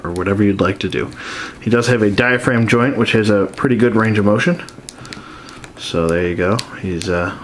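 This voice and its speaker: A man's voice: lowish voice, a bit bright, slight background noise. A stuffed-up man reviewing an action figure in an easygoing, conversational way. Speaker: toy collector reviewer. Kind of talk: casual toy review.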